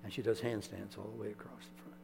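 A man preaching a sermon in a relaxed, conversational storytelling way, often checking in with his listeners. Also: lowish voice, fast talker, creaky. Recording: echoey hall with mains hum.

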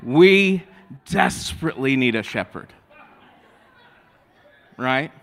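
Male pastor, unhurried emphatic sermon delivery with call-and-response, reverberant church sound. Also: medium pitch, animated, a bit bright, a faint crowd. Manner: slow, emphatic preaching with drawn-out phrases and audience call-and-response. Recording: long hall reverb.

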